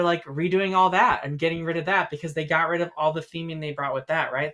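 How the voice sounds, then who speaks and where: A man co-hosting a casual livestream, wandering through long anecdotes with plenty of ums and little laughs. His voice has a bright, forward edge. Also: on the high side. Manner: rambling storyteller with many fillers and little laughs. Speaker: livestream co-host.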